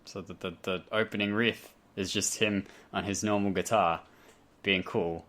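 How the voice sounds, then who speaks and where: Deep bright-sounding aussie guy, light accent, hosting a chatty podcast, goes off on tangents. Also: steady tone, normal speed. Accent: light Australian. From Australia. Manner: rambling, self-deprecating, tangents. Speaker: podcast host. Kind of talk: casual chat. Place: home, talking over a voice call.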